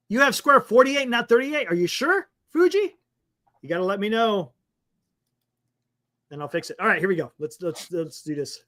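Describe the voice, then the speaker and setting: A man's voice: sits high, lively intonation, moderate pace, pauses often, bright, forceful tone. A man co-hosting a sports talk show, enthusiastic and chatty, saying "dude" a lot. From United States. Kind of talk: casual banter.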